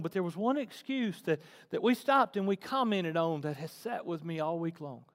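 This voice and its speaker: High-voiced preacher in a reverberant hall. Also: male voice, animated, moderate pace, few pauses. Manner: swings between loud preaching and soft asides. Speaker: pastor. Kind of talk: sermon.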